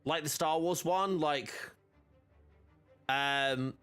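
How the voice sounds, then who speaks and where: A man's voice: on the high side, very slow, a bit bright, smooth, soft background music. A man chatting casually while streaming a game, rambling with lots of fillers and restarts. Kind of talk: casual gaming stream chat.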